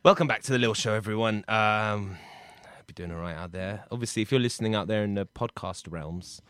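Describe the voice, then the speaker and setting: A man's voice: fairly low pitch, fairly quick, a bit bright, clear, resonant tone, dry recording. A British man hosting an improv comedy podcast, chatting in a jokey, rambling way. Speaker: host.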